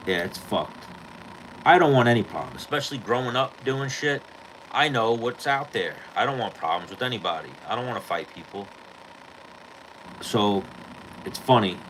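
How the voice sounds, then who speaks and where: A man's voice: mid-range voice, animated, moderate pace, pauses often, fairly bright tone, a little hiss or hum, rough recording. A male podcast host telling a rambling, profane story in casual chat.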